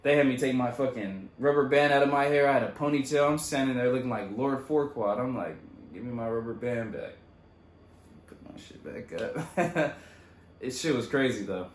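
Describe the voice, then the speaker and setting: A young man casually retelling his own story in a loose, profane, animated way. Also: mid-range voice, normal speed, roomy sound, slight background noise. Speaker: vlogger.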